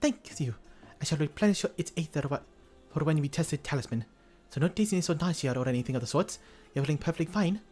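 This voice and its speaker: A man's voice: on the high side, animated, fast, hardly any pauses, darkish tone, pitched above the performer's own voice. A man reading a polite tribeswoman's game lines aloud in a put-on accent, stumbling over some words. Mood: earnest.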